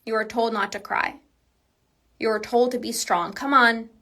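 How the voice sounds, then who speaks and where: A woman's voice: a little high, fairly even intonation, moderate pace. A woman coach talking alone on a podcast, earnest and emphatic, casual with lots of "like"s. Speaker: binge eating coach. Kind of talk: solo podcast monologue.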